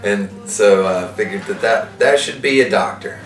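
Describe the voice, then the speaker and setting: A low-voiced man from Massachusetts chats in a playful, campy way, giggling through his asides. He sounds far from the mic in a roomy space, with music playing clearly behind him. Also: moderate pace. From Massachusetts, USA. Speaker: artist and musician interviewee. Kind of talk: candid interview and studio tour.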